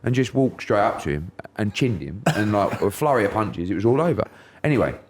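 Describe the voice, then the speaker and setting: A man's voice: on the low side, lively intonation, brisk. A middle-aged man from England, a podcast guest telling a story in casual chat and acting out quotes in raised voices.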